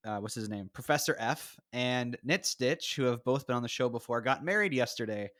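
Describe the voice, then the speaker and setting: A man's voice: mid-range voice, animated, fairly quick, a bit bright. Upbeat man co-hosting a podcast. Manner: upbeat, playful, jokey. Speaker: podcast co-host. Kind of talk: casual podcast chat. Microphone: remote call mic.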